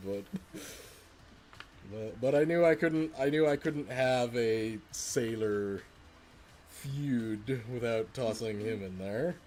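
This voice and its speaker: Slow, halting male game master. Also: medium pitch, darkish tone, slight background noise. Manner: slow, halting narration with many pauses and fillers. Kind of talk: narrating a tabletop game.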